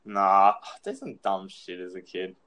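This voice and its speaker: A man's voice: sits low, sing-song, measured pace, sharp tone. A young man in casual chat, telling a childhood story, laughing often and swearing freely.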